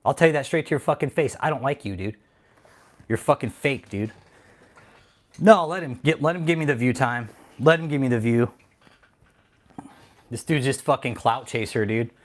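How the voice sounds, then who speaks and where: A man hosts his own livestream, his voice sitting at an ordinary middle pitch. He talks loosely and repeats himself, swinging into heated, profanity-laden ranting. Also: normal speed, long pauses. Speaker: channel host. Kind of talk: angry livestream rant; casual livestream chat.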